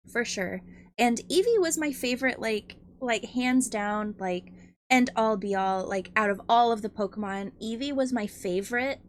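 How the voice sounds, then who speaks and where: A woman with a fairly high voice, chatting on a livestream while she draws. She is bubbly, laughs a lot and swears casually. Her voice is close and dry, with no room sound. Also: dry recording. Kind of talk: casual stream chat while drawing.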